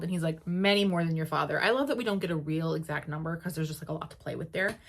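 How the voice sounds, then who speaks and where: Speaking in a low-pitched voice, a woman runs through an episode recap on her podcast, relaxed and talkative. She sprinkles in plenty of "like" and rapid paraphrases of what the characters said.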